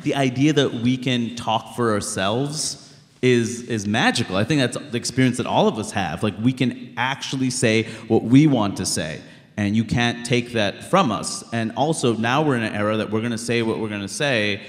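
A stand-up comedian from Queens, talking in an interview in an animated, emphatic way. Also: mid-range voice, normal speed, big-room sound. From Queens, New York. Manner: animated, emphatic, blunt, many "like" fillers. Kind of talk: conversational interview.

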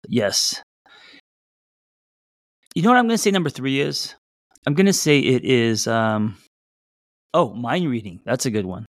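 A man's voice: medium pitch, no echo, clean studio sound. A middle-aged man hosting a casual relationship-advice talk, loose and conversational, with fillers, restarts and self-deprecating asides. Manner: loose and conversational, many fillers and restarts, reading out audience replies. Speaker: podcast host.

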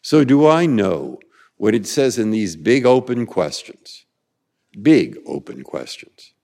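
A man's voice: fairly low pitch, a little mellow, big-room sound. A man in his eighties from San Francisco, answering interview questions in a discursive way, repeating words and circling back with asides. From San Francisco, USA. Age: 80s. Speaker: Supreme Court justice, guest.

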